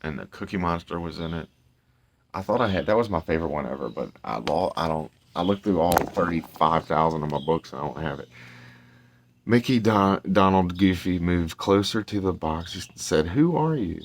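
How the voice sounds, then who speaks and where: A man's voice: sits low, a little fast. A man casually reading a storybook aloud, with rambling, chatty asides and self-corrections.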